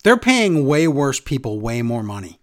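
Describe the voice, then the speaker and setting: Man, podcast co-host, sarcastic and fed up, medium pitch, sneering asides. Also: big pitch swings, normal speed. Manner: sarcastic, exasperated, mocking impressions. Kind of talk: casual chat recapping wrestling.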